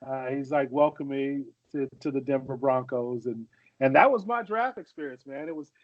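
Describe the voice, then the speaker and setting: A man's voice: medium pitch, normal speed, no room sound. A man in his forties telling stories in casual podcast chat, often repeating and restarting phrases. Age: 40s. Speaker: podcast co-host, former football player. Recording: dull, dry lo-fi audio.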